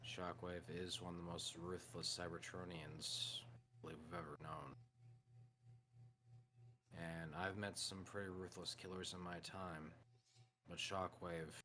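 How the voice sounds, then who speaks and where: Man doing a solemn robot veteran, low and forceful. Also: a little hiss or hum. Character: grave, measured male robot veteran.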